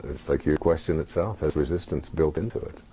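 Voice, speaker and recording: A man in his sixties, speaking as an interview guest in a halting, reflective way with many pauses and fillers. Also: extremely low pitch, mellow, a little hiss or hum. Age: 60s.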